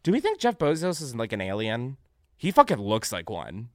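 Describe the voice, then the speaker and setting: A man hosting a comedic podcast, reacting loudly to what he reads, swearing freely and laughing often. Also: mid-range voice, wildly swooping pitch, moderate pace, no echo, clean studio sound. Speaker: podcast host.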